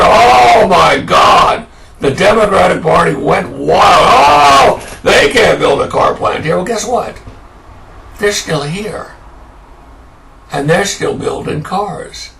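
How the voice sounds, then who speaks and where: A man's voice: a little high, vocal fry, a bit bright, recorded from a distance, rough recording. A man delivering an angry, sarcastic political rant as a commentator. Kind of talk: ranting political monologue.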